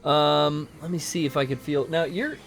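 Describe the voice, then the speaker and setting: A man's voice: a little high, steady tone, moderate pace, gravelly, a bit bright, faint music behind. A man in his thirties co-hosting a game stream, telling a casual, profane, rambling story. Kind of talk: casual storytelling over gameplay.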